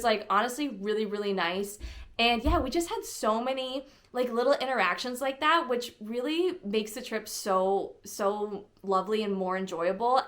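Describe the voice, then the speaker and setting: A young woman chats to camera as a travel vlogger, bubbly and easygoing. She fills her sentences with "like" and talks at a middle pitch. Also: fairly bright tone. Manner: chatty, bubbly, many "like" fillers. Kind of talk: casual chat to camera.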